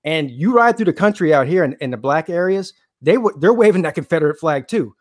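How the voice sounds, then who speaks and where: Quick talking guy making his point hard, dry sound. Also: a little high, lively intonation, darkish tone, no room sound. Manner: rapid, emphatic talker. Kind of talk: casual chat.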